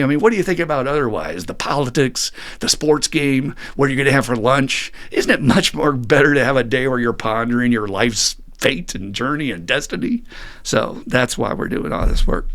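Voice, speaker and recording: A middle-aged man hosts a recovery podcast and also works as a recovery group counselor. He delivers an earnest, musing monologue, acting out the voices of the people he quotes, in a medium-pitched, fairly bright voice.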